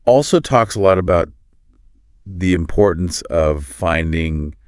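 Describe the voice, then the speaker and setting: A man's voice: sits low, lively intonation, unhurried, a little mellow, clear, resonant tone, no room sound, studio quality. A man co-hosting a podcast in casual chat, easygoing and affirming as he leads the topics. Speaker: podcast co-host.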